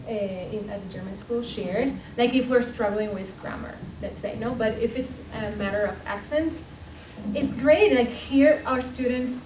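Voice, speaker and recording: A woman with a Spanish accent, a native Spanish speaker, speaking haltingly and searching for words while sharing advice. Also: on the high side. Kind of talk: casual group discussion. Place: school meeting room. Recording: distant, echoey, noisy room.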